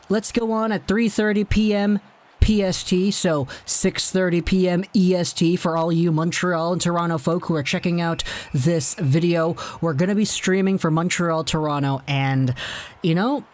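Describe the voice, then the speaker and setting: A male hockey commentator talking casually to his viewers. His voice sits a touch high and he sounds eager and chatty, dropping in the odd sarcastic remark. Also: normal speed. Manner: enthusiastic, chatty, sarcastic asides. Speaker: hockey channel host.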